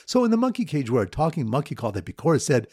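A man with a slightly high, husky voice teaches Talmud through playful memory stories. His pitch leaps around as he tells them, recorded close and dry with no room sound. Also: racing, no room sound. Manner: lively storytelling with sudden pitch jumps. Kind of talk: mnemonic Talmud review lesson.

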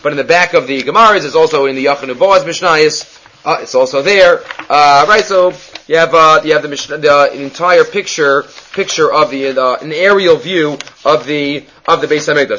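A man with a bright, forceful voice pitched a little above most men's leads a Mishnah class. He explains each phrase step by step, mixing Hebrew terms into his English, and often thinks aloud before going on. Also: poor audio. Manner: thinks aloud with frequent fillers and restarts. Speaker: Torah teacher.

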